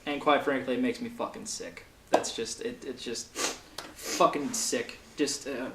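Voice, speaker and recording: A man's voice: mid-range voice, measured pace. A young man hosting a wrestling show, ranting with passion and heavy swearing in casual commentary. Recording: echoey room, faint noise.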